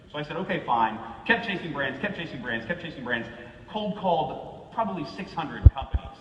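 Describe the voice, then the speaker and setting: A man's voice: on the high side, slight background noise. A man giving a comic keynote talk, telling stories and acting out the people he quotes. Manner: animated, acts out quoted people. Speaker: keynote speaker. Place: large event hall. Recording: echoey hall, far from the mic, dull sound.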